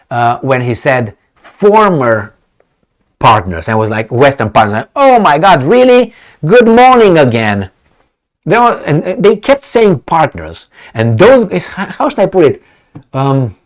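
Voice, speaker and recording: Animated rambling male commentator. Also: medium pitch. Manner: rambling, with restarts, retold movie scenes and sarcastic asides. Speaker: political commentary vlogger. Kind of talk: off-the-cuff spoken commentary.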